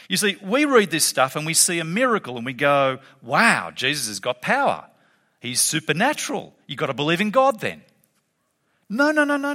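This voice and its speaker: A man delivers a sermon with a high, bright voice that swings widely in pitch. He is emphatic and animated, often laughing. Long reverb from a hall trails each phrase. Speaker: preacher.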